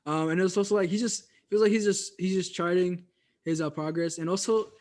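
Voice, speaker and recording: High-voiced man in casual podcast chat. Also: fairly even intonation, fairly quick, darkish tone. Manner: loose, laughing, heavy on fillers. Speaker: podcast co-host. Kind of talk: casual music review chat.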